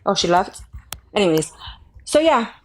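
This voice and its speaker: A woman's voice: medium pitch, big pitch swings, measured pace. A woman in a heated live argument, confrontational and taunting with constant swearing. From Georgia, US. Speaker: live stream participant.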